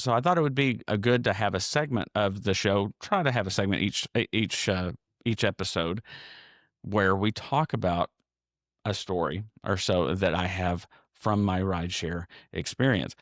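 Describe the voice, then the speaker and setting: A man's voice: fairly low pitch, moderate pace, fairly bright tone, no room sound, clean studio sound. A man hosting a casual solo podcast, telling a rambling story with chuckles and restarts. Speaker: podcast host.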